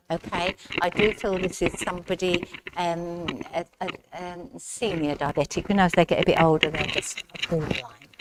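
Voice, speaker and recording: A woman giving a chatty mediumship demonstration in a village hall, speaking straight to one member of the audience. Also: on the low side. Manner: chatty, speaks straight to the recipient, relays messages. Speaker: spiritualist medium. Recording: loud background noise in a hall.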